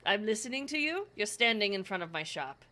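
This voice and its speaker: A woman's voice: medium pitch, big pitch swings, brisk, pushed and bright. A woman voicing a comical male orc shopkeeper in a suit, with bouncy, chatty patter. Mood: jovial.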